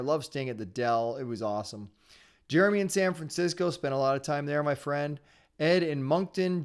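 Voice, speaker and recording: Male webinar host, rapid and upbeat, slightly higher voice, cheers on his attendees. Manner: fast-talking; upbeat and encouraging. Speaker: webinar host and sales trainer. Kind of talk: live online training webinar. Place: his home area in Ontario.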